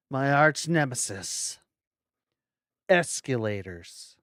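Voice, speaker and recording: Animated young man, joking reactions. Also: fairly high pitch, moderate pace, no room sound. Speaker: streamer reacting to a video. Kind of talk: casual reaction commentary.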